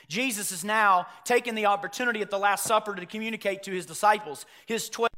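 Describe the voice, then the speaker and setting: A male pastor preaching a sermon in a conversational way. He swings from loud emphasis to hushed, quiet delivery and asks the congregation direct questions. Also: high voice, fast, hardly any pauses.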